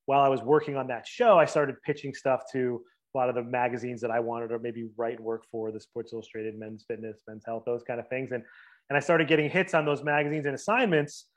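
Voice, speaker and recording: A man's voice: mid-range voice, fairly even intonation, brisk. A man in his forties, a writer from the Boston area and New Jersey, chatting casually as an interview guest, rambling with lots of fillers and restarts.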